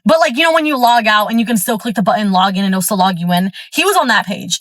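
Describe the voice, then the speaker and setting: A woman's voice: medium pitch, animated, fast talker, few pauses, a bit bright, dry recording. A woman from Florida, recorded at a gym, telling a story in a casual, fired-up way with lots of fillers. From Florida, USA. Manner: chatty, filler-heavy, fired-up retelling. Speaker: storyteller vlogger.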